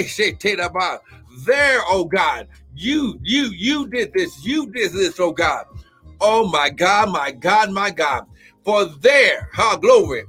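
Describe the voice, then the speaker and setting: A man preaching and praying fervently in a live-streamed sermon, often shouting and whooping and breaking into tongues. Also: high voice, very animated, slow, slightly rough, soft background music.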